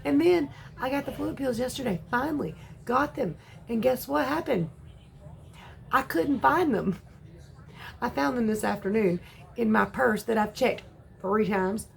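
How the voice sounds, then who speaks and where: A woman in her forties chatting casually on a vlog, excitable and ranting. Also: a little slow, creaky. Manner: excitable ranting with big jumps in pitch. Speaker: vlogger.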